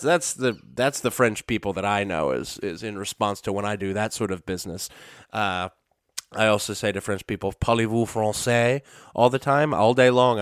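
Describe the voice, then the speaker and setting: A man's voice: on the low side, fairly bright tone, smooth, no echo, clean studio sound. Rambling sarcastic male podcast host. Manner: rambling, sarcastic, prone to silly outbursts. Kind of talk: casual solo commentary.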